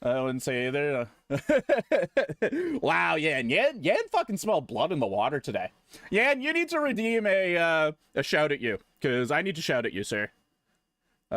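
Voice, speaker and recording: A man with a high voice swings widely up and down as he jokes with chat on a live stream. He swears freely, rambles and sometimes flares into loud mock rants. The sound is dry and close, with no room echo.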